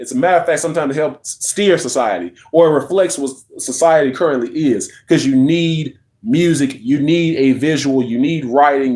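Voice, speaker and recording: A man's voice: on the high side, a little mellow. A man ranting on a live stream, rambling and restarting sentences and greeting viewers by name. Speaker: live streamer and content creator.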